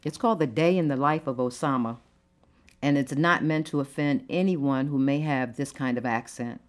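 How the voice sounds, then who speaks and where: A woman poet being interviewed and reading her own work, unhurried and quick to laugh. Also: rumbling low. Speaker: guest poet. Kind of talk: interview conversation and poetry reading.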